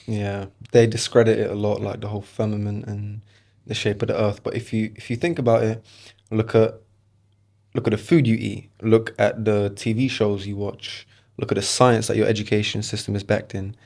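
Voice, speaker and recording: A man with a lowish voice speaks as a podcast guest. He is animated and stacks rhetorical questions one after another in loose, casual conversation. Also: moderate pace, vocal fry.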